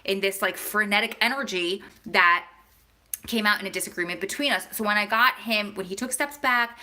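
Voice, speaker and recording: Bright-voiced chatty woman vlogger. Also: mid-range voice, moderate pace. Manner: chatty, talks straight to viewers. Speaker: vlogger answering viewer questions. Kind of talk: casual chat.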